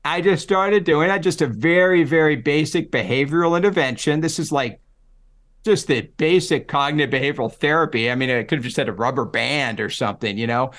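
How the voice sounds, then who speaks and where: Middle-aged guy, kinda high voice, chatty professor telling stories, does little voices. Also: fairly quick. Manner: animated storyteller, acts out quoted voices. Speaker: psychology professor guest. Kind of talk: casual conversational interview.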